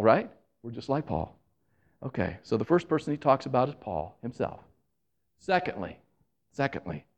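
Male pastor, slightly higher voice, lively preaching delivery with asides to the congregation. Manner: animated, jokes with the congregation; admits he talks fast when excited. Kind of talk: sermon.

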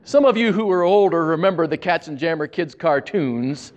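A man's voice: fairly high pitch, animated, normal speed, a little mellow, lo-fi sound. A man in his seventies from Ohio, preaching in a folksy, anecdotal storytelling way and chuckling at his own tales. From Ohio, USA. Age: 70s. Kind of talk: storytelling sermon.

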